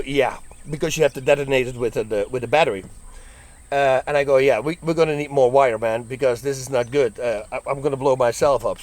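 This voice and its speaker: Animated man telling bar stories. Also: fairly high pitch. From Netherlands. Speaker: former bouncer telling stories. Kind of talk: casual storytelling.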